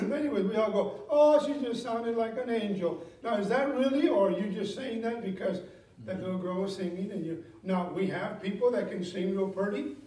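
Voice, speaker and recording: Pastor, male, high voice, conversational sermon with chuckles, church mic from afar. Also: brisk, mellow. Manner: conversational preaching, reads scripture aloud, asks the congregation questions; chuckles often, many fillers and self-corrections. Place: church sanctuary. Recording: echoey room, voice from a distance.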